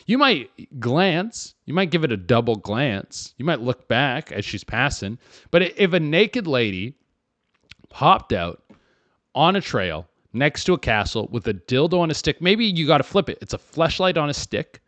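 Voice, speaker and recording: A young man hosting a comedy podcast, riffing casually and acting out characters in quick put-on voices. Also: mid-range voice, big pitch swings, fairly bright tone, no echo. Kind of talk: casual comic commentary.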